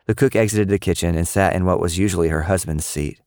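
Deep, smooth male storyteller. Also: fast talker, few pauses, dry recording, studio quality. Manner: steady, even storytelling. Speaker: audiobook narrator. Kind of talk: scripted narration.

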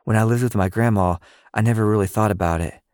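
A man voicing a weakened boy who speaks softly and wearily in an audio story. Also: lowish voice, quick pace, clear, resonant tone, no room sound, clean studio sound, natural voice. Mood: weary. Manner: soft and weary. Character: tired, weakened boy with powers.

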